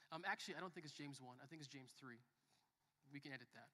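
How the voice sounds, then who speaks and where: High, bright-voiced preacher in a big hall. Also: male voice, fairly quick, long pauses. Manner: lively, joking storyteller who shifts between soft and loud. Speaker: pastor. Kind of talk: sermon. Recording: long reverb of a church hall.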